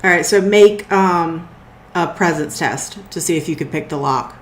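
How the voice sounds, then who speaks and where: A woman with a lowish voice runs a tabletop game as game master. She narrates in a loose, easygoing way, full of fillers, and her voice carries a roomy echo. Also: normal speed. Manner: loose, with frequent fillers and restarts.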